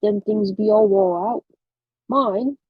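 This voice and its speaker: A woman's voice: medium pitch, breathy edge, no room sound, narrow, tinny audio. A woman on a video call voicing a very old, skeptical male sailor, with an amateur rustic British accent and dialect grammar. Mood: dismissive. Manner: dialect grammar, slow and halting.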